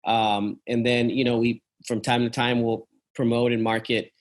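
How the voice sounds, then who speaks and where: A man's voice: medium pitch, little pitch movement, normal speed. A travel business owner talking casually about his company, with frequent fillers, restarts and "man". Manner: rambling, many fillers and restarts; uses "man" and "dude" often.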